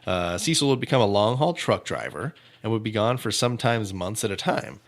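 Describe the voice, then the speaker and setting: Animated joking man hosting a podcast. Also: fairly low pitch, fairly quick. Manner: animated, joking, laughs often, trails off into uh. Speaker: podcast host. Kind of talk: casual comedic true-crime chat.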